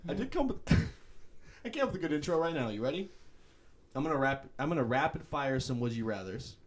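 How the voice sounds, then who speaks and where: A young man co-hosting a podcast in casual chat, animated and often breaking into laughter. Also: mid-range voice, brisk. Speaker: podcast co-host.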